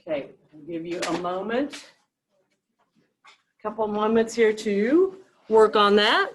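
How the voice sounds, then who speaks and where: A woman's voice: medium pitch, animated, slow. A woman teacher leading a reading lesson, explaining step by step and asking the class questions. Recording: echoey classroom, mic at a distance.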